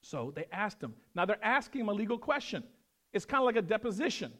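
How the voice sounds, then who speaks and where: A middle-aged man preaching a verse-by-verse sermon, swinging from loud emphatic lines to quiet, dropped asides. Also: sits high, sing-song, fast. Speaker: pastor.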